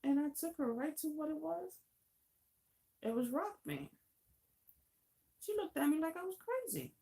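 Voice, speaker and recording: A woman's voice: high-pitched, sing-song, unhurried, creaky, mellow. A woman live-stream host casually telling a long anecdote, chatty and laughing easily. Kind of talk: casual storytelling.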